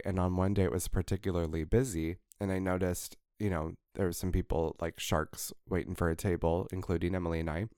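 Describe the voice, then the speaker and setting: Deep-voiced man telling a funny story. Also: clean tone, no room sound, studio quality. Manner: animated, jokey, raises voice for quoted lines. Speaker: podcast co-host. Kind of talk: casual chat, storytelling.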